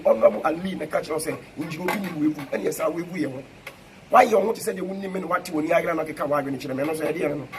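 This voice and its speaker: A man's voice: on the high side, a little hiss or hum, low-quality recording. A middle-aged Ghanaian man with a fiery, emphatic and repetitive way of talking, giving a confrontational reply to a critic. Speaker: preacher answering a critic. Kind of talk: fiery spoken reply mixing Twi and English.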